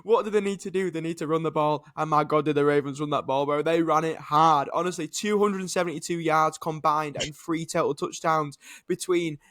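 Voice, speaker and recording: A British man with a high, light voice, talking sport on a casual podcast. He rants with plenty of energy and throws in the odd swear word. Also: fairly quick. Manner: animated, ranting, swears and laughs. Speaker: podcast co-host.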